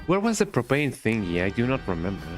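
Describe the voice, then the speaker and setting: Streaming a horror game, a man with a medium-pitched voice talks fast while his pitch swoops wildly, with faint music behind him. His casual gaming commentary is chatty and playful: he thinks aloud, riffs sillily on repeated words, and often tags remarks with "eh?".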